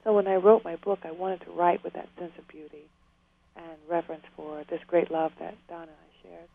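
A woman's voice: lowish voice, little pitch movement, fairly quick, creaky. A woman speaking as an author and interview guest, talking earnestly and from the heart. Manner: earnest, heartfelt, prone to tears and laughter. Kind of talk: emotional interview conversation. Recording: tinny phone line.

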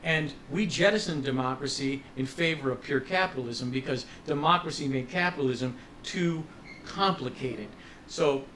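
A man's voice: mid-range voice, a bit bright, a little hiss or hum, low-quality recording. A man guest on a radio interview, ranting with passion and cynicism about politics. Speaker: musician guest.

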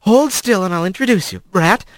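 A man voicing a young female mouse, the lodge mistress, speaking in a gentle, delighted way. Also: sits high, lively intonation, moderate pace, no echo, pitched above the performer's own voice. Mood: cheerful.

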